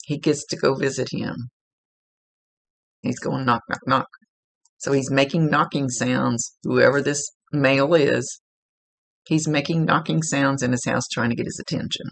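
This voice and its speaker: A man with a gravelly, creaky edge to his voice talks through a psychic reading in an easygoing, chatty way. He stops to rephrase himself and laughs readily. His pitch sits in an ordinary middle range. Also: fairly even intonation, normal speed. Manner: chatty, self-correcting, laughs easily. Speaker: psychic medium. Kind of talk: relaxed spoken reading, conversational.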